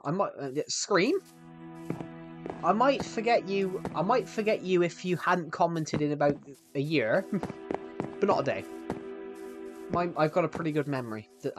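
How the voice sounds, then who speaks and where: A man in his twenties with a British accent, rambling and chatty as he answers viewer comments during a game stream. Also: on the high side. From United Kingdom. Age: 20s. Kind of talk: live-stream chat while gaming. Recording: background music under the voice.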